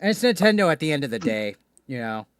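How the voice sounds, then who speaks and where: A man's voice: on the high side, sing-song, fast, fairly bright tone, a little hiss or hum. A man hosting a live call-in stream, talking casually with frequent restarts and swearing. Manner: rambling, profane, many restarts. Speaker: streamer host.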